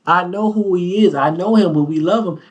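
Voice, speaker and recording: A man hosting a comedy show, telling a story with animated, squealing jumps of disbelief. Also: brisk, lo-fi sound. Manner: animated, shrieking up into high disbelief. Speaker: comedy podcast host.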